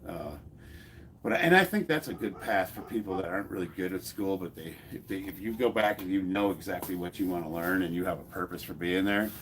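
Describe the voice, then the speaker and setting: A man's voice: sits low, a little fast, a bit bright, slight background noise. A man in his forties chatting casually in his home garage gym, reading comments aloud, blunt and joking, laughing often and swearing freely. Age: 40s. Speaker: fitness YouTuber.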